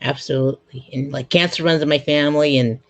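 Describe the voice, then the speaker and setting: Relaxed male host, muffled audio. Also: fairly high pitch, fast, no echo. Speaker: podcast host, comedian. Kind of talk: casual interview chat.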